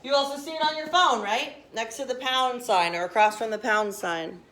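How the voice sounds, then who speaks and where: Teacher lady running a class, kinda high voice, brisk, keeps asking the kids stuff. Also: a bit bright. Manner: brisk, directive, asks the class questions.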